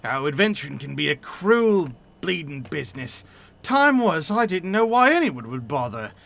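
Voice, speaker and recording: Man doing a gruff game landlady, messy Boston-Cockney accent, clipped, folksy, bright, lively. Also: a little high, moderate pace, full character voice.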